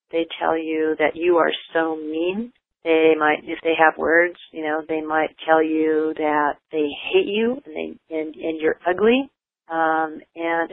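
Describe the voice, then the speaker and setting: An older voice explains child behavior in a calm, patient, unhurried way, slipping in "you know" between steady points. The sound is thin and narrow, like a radio call coming down a phone line. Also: mid-range voice, gravelly. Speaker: parenting educator. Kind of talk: explanatory talk on parenting.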